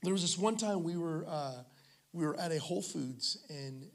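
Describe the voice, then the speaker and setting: Man, pastor, sermon, slightly high voice, humorous storytelling, church service. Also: moderate pace. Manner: humorous storytelling, jokes with the congregation. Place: church service in a school venue.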